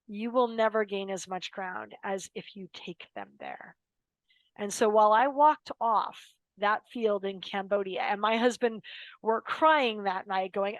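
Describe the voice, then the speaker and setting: A woman's voice: medium pitch, normal speed, no room sound, rough recording. An American woman in her fifties, a guest telling personal stories in an interview, emphatic and dramatic, acting out the quotes. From United States. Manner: emphatic, dramatic storyteller who acts out quotes. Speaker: podcast guest, lawyer.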